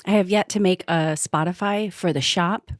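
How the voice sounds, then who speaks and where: A mother co-hosting a podcast, telling stories in a playful, animated way. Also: fairly low pitch, moderate pace, no echo, studio quality. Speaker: podcast co-host. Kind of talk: casual chat.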